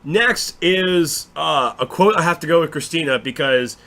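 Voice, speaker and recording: A man hosting a casual recap of game news, excitable and swearing freely. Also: on the high side, unhurried, hardly any pauses. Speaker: gaming show host.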